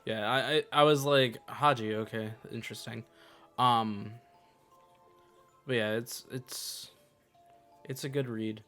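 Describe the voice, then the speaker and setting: A man's voice: medium pitch, steady tone, slow pace, long pauses, fairly bright tone, faint music behind. A man co-hosting a podcast, talking casually and hesitantly about a book. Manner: hesitant, many fillers and restarts. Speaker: podcast co-host.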